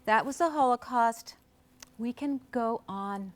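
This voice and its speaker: A woman poet introducing her poems on stage in an earnest, measured way with deliberate pauses. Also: fairly high pitch. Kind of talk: spoken introduction at a poetry performance. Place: live performance on stage.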